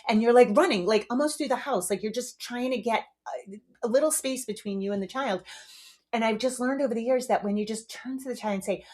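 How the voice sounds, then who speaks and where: A woman's voice: fairly high pitch, animated, moderate pace, darkish tone. Frank, chatty woman podcast host. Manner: frank and chatty, a swear here and there. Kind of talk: casual solo podcast talk.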